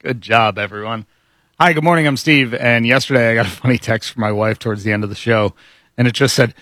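A man's voice: medium pitch, steady tone, fairly quick, pushed and bright, no echo. A man hosting a morning radio show, telling stories in a chatty way during casual studio banter. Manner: chatty storytelling, laughs along.

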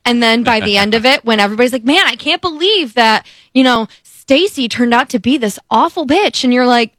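Young woman, podcast co-host, candid animated storyteller, slightly high voice, dry close mic. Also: a little fast, no echo. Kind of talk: casual chat.

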